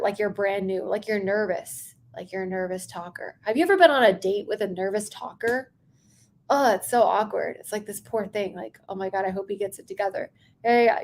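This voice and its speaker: A young woman coaching on sales during a live stream, talking fast and chatty with lots of fillers. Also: mid-range voice.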